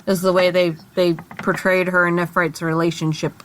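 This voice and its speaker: A woman co-hosting a casual fan podcast, talking in an unhurried, questioning way with frequent restarts. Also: on the low side, little pitch movement, a bit bright, a little hiss or hum. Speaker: podcast co-host.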